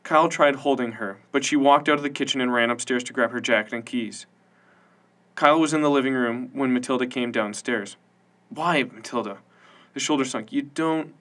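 A man narrating a science-fiction audiobook in an even, measured storytelling manner. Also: medium pitch.

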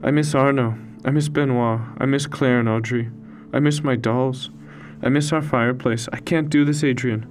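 A man's voice: fairly high pitch, normal speed, hardly any pauses, soft background music, voice pushed up, close to an everyday voice. A man voicing a frightened, starving fourteen-year-old girl who is crying. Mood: sobbing.

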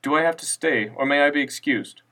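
A man's voice: a little high, brisk, bright, forceful tone, pitched above the performer's own voice. A man reading a story, voicing an aloof middle-aged son of a wealthy family who speaks in a detached, dismissive way. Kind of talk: audiobook character voice. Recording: distant mic with faint music.

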